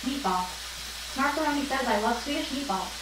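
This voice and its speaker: A woman's voice: high-pitched, lively intonation, brisk, very noisy. A woman reading viewer comments aloud during a cooking livestream. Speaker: chat reader on a livestream. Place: home kitchen. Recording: very echoey kitchen, mic far off. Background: food frying and sizzling.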